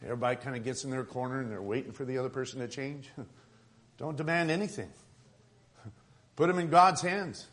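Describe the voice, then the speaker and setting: A man preaching a sermon as pastor, conversational and joking, with quick asides. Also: medium pitch, fairly bright tone. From Tucson, Arizona.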